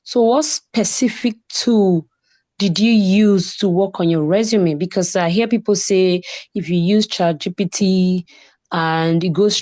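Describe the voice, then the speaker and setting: A woman's voice: lowish voice, darkish tone, dry recording. A woman interviewer asking a guest a careful, detailed question.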